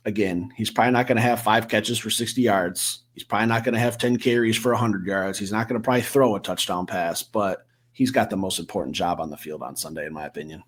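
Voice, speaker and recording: A man's voice: on the low side, fast talker, few pauses, slightly rough. A man co-hosting a casual sports podcast, rambling through football predictions with a few self-corrections. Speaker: co-host.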